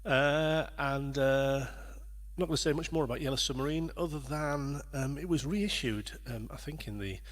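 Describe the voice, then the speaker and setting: A man's voice: a little high, normal speed. A man hosting a livestream, chatting casually and rambling a little as he greets viewers by name. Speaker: livestream host and performer.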